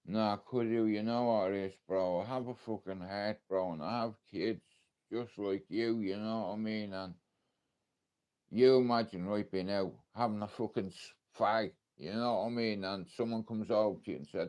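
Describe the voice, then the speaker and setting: A livestreamer from Ireland with an Irish accent and a lowish, darkish voice talks at a moderate pace. His casual storytelling is blunt and full of emotion, and he curses a lot.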